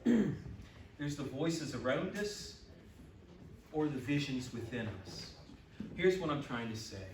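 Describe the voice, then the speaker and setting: A man preaches a sermon in an animated, conversational way, often rising to loud exclamations. His voice sits a little high for a man. He is picked up from a distance, with plenty of church echo and a faint hiss underneath. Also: takes it slowly. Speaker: pastor. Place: church sanctuary. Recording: echoey church, mic from a distance.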